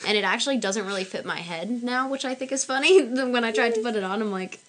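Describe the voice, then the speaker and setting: A young woman hosting her own channel, chatting and giggling as she shows old props and outfits. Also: on the high side. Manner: chatty, giggly, quick asides. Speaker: channel host. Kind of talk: casual show-and-tell of old props.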